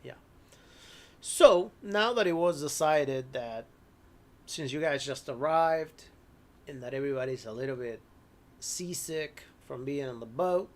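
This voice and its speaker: A man narrating as game master of a tabletop horror game, unhurried, with many ums and frequent throat clearing. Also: medium pitch, animated.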